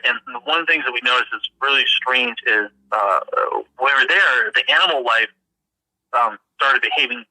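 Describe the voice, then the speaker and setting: A man earnestly telling of a strange encounter in casual first-person storytelling, halting and repeating words as he goes. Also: mid-range voice, bright, forceful tone, dry recording, low-quality recording. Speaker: witness recounting an encounter.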